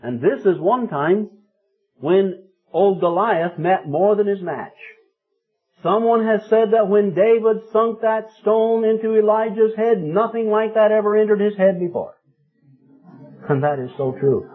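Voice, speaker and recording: A man in his fifties preaching a sermon, telling a story and rising to loud, emphatic peaks. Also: high-pitched, a little slow. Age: 50s. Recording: tinny phone-like sound.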